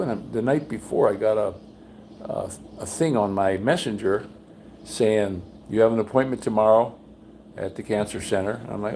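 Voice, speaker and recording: Older guy, gravelly and dark-toned, casual livestream storyteller. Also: normal speed, slight background noise. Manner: folksy storyteller, acts out quotes in a higher voice. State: undergoing cancer treatment. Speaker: vlogger. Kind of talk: casual rambling livestream chat. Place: home room with high ceilings.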